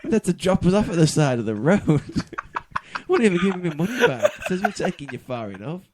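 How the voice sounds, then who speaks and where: A man's voice: sits high, very animated, moderate pace, background noise. A young man from the UK, a guest telling rambling stories in casual chat on a podcast, laughing through his tales. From United Kingdom.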